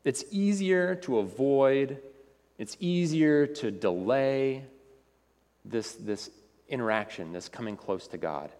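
A man's voice: medium pitch, expressive, takes it slowly, a little mellow. A man preaching a sermon to a congregation in a conversational way, often repeating words as he goes. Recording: reverberant hall.

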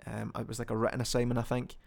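Rapid-fire and monotone, a medium-pitched male voice with vocal fry drives this casual solo podcast. The host, a young Scottish man, rambles chattily with plenty of ums and self-corrections.

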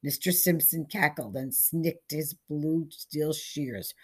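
A woman reading a short story aloud as scripted narration, in a measured storytelling manner. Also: low voice, husky. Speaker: story reader.

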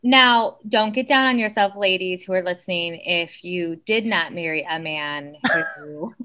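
A woman's voice: on the low side, a little slow, pushed and bright, clear, resonant tone. A woman co-hosting a podcast, chatting in an encouraging, casual way. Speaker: podcast co-host. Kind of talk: casual chat.

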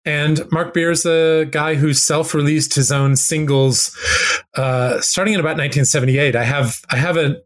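Guy telling a story about music, kinda high voice, does the voices of people in it. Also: normal speed. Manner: animated, acts out quotes with rambling restarts. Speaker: guest music expert. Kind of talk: casual storytelling.

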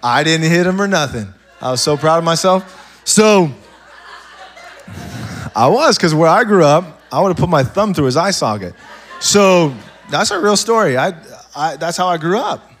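A man preaching a sermon to a congregation, swinging from quiet asides to loud, animated bursts, with loose storytelling full of restarts. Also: on the high side, normal speed. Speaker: pastor.

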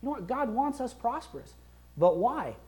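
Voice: medium pitch, sing-song, moderate pace, darkish tone. A pastor preaching a sermon in a conversational, emphatic way, acting out prayers and quotes as he goes. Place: church.

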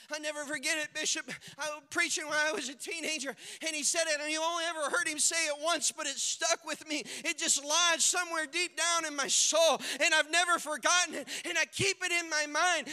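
Male pastor, very high piercing voice, dynamic sermon delivery from whisper to shout, long church reverb. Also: moderate pace. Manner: dynamic preaching, swings from hushed to shouting; acts out quoted characters in the stories.

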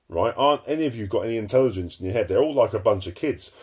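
A man preaching informally to his viewers, blunt and scolding, swinging between loud warnings and low, intense tones. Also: lively intonation, fast, hardly any pauses, slightly rough.

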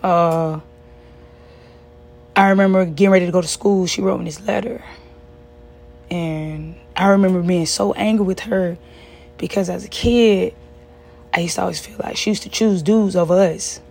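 A woman's voice: fairly low pitch, steady tone, moderate pace, creaky, pauses often, darkish tone. A young woman earnestly telling a personal story in a conversational way, with many fillers and restarts.

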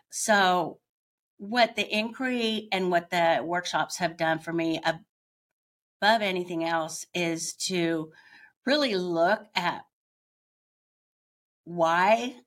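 A middle-aged woman, a podcast guest, telling her own story in a candid, reflective way and pausing often as she searches for words. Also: on the low side, a bit bright. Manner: candid, searching, with frequent pauses.

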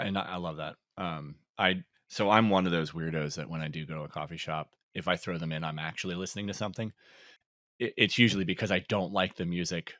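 A man co-hosting a podcast in casual chat, relaxed and reflective, with frequent ums and laughs. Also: deep voice, dry recording, clean studio sound. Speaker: podcast co-host.

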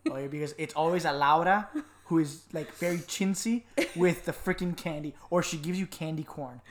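A man co-hosting a casual chat podcast, telling stories with animated voices for the people in them. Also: moderate pace. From Miami. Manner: animated storyteller, acts out voices with big pitch jumps. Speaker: podcast co-host.

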